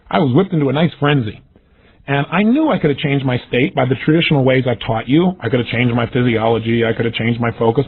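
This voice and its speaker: A man giving an energetic, emphatic motivational seminar talk, acting out the questions he quotes. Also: medium pitch, fast, breathy edge. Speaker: motivational speaker. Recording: tinny phone-like lo-fi audio.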